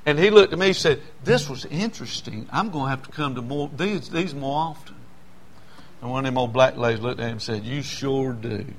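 A man preaching a storytelling sermon in a folksy, repetitive way that turns loud when he is stirred. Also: mid-range voice, animated, fairly quick.

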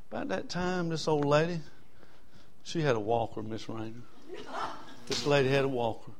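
A man's voice: mid-range voice, moderate pace, pauses often, a little hiss or hum. Folksy preacher in his sixties. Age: 60s. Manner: folksy, animated storyteller with bursts of shouting. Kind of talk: sermon storytelling.

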